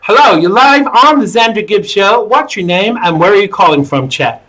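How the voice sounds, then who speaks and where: A man's voice: high voice, expressive, normal speed, sharp tone, rough recording. An American man in his thirties hosting a live call-in political talk show, opinionated and full of "uh" fillers. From United States. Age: 30s. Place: home studio in the UK.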